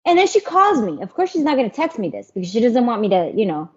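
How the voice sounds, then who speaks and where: A middle-aged woman telling her personal story as an interview guest, candid and animated. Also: on the high side, quick pace. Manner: candid, animated, mimics others. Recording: muffled lo-fi audio.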